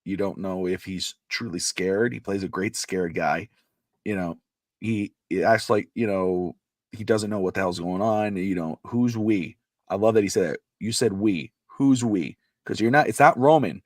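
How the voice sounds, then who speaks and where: A man co-hosting a casual podcast, rambling and animated, acting out quotes, with a slightly irritated throat. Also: on the low side, normal speed, no echo, clean studio sound. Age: adult with a child. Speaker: podcast co-host.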